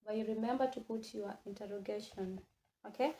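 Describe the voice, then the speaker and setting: A woman teaching French in a classroom, slowly repeating each word again and again and switching between English and French. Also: on the high side, fairly even intonation, dark tone. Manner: slow, repeats words many times, mixes English and French. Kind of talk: classroom lesson.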